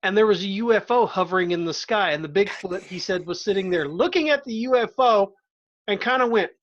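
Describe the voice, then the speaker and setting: A man with a high voice hosts a casual podcast and spins a playful, rambling story. The sound is a little dull and lo-fi. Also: a little fast, fairly bright tone. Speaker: podcast host. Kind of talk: casual chat.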